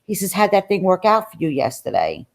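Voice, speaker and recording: A middle-aged woman, telling a personal story as an interview guest in a lively, chatty way, acting out the voices of people in it. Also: lowish voice, fairly quick. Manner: animated, acts out quoted voices.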